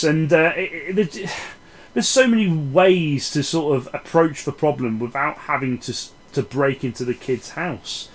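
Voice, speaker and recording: A man's voice: fairly high pitch, poor audio. A man giving a casual film review in a rambling, sarcastic, sweary way.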